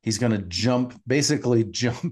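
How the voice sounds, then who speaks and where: A man's voice: mid-range voice, moderate pace. A man co-hosting a podcast, recapping an episode in casual chat and acting out characters' lines. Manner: animated, acts out characters' lines in bursts. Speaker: podcast co-host.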